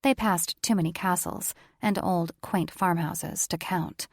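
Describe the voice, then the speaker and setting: A woman narrating a paranormal romance audiobook in measured, steady storytelling. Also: lowish voice, dry recording, studio quality. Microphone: studio microphone.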